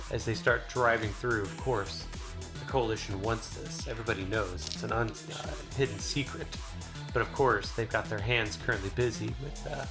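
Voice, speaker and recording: A man narrating a solo tabletop game as game master in a relaxed, rambling way with many fillers. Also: on the low side. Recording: music playing behind.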